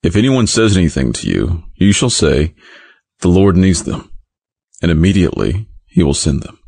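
A man playing Jesus in a dramatized scripture reading, speaking in a measured, solemn, grave way. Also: sits low, big pitch swings, creaky, darkish tone, slightly rough, dry recording, studio quality, full character voice. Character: Jesus, calm authoritative male teacher. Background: music underneath.

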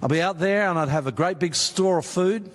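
Speaking briskly in a high-sitting voice, an Australian man delivers a sermon on Bible prophecy to an audience in a meeting hall. His manner is emphatic and conversational as he talks straight to the crowd, and a long reverb tail follows his voice.

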